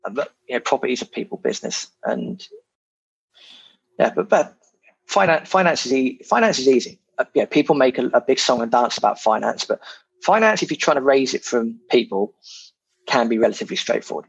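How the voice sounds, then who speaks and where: A man's voice: medium pitch, animated, fairly quick, gravelly, slightly rough, no echo, muffled recording. A man from England chatting casually as a property investor guest, frank and self-deprecating, with plenty of fillers. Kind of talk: casual podcast chat.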